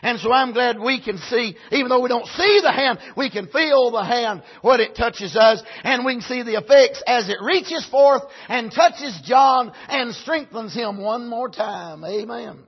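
A male preacher delivering a sermon, punctuating it with amens and swinging from loud cries to soft, low passages. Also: measured pace, hardly any pauses, breathy edge, highs cut off.

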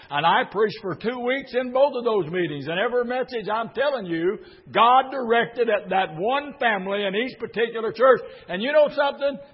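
Older guy preaching a revival sermon, high husky voice, lots of uh and repeats, dull recording. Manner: fervent preaching with frequent uh fillers and repeated phrases. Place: church. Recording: dull, long-reverb church sound.

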